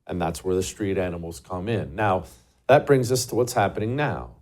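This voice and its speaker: Low, mellow-voiced male commentary host. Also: moderate pace. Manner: emphatic, scornful, repeats words for stress. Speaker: talk show host. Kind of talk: political commentary monologue.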